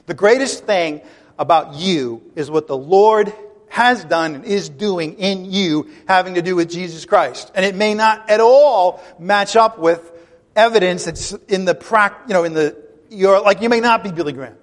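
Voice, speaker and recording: Man, high voice, animated pastor delivering a sermon with emphatic bursts, recorded in a reverberant hall. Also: moderate pace. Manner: animated, emphatic preaching with conversational asides.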